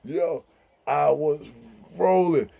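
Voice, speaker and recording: Casual storyteller, male, animated, laughs often, mellow dark voice. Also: a little high, extremely slow, creaky. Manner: animated, laughing, mimics others' voices in quotes. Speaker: vlogger telling prison stories.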